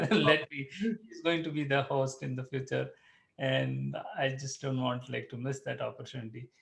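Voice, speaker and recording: A man's voice: medium pitch, little pitch movement, normal speed, gravelly, fairly bright tone. A man hosting a talk show, introducing a guest in a hesitant way, full of fillers. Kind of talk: casual chat.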